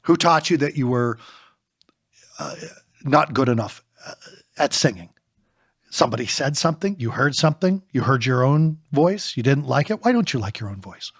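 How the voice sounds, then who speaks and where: A man co-authoring a book, talking in an animated way in a podcast discussion and firing off rapid rhetorical questions. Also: medium pitch, husky, no room sound, studio quality. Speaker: co-author and speaker.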